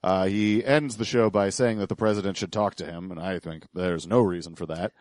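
A man's voice: low-pitched, a little fast, a little mellow, no echo, clean studio sound. A man hosting a podcast, explaining clips in a digressive, hesitant way. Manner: digressive, hesitant, lots of uhs and restarts. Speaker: podcast host. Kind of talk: casual podcast commentary.

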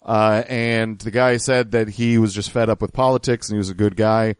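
A man's voice: fairly low pitch, steady tone, moderate pace, smooth, no room sound, clean studio sound. A man hosting a podcast, wryly picking apart a clip in casual chat. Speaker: podcast host. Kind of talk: casual chat reacting to clips.

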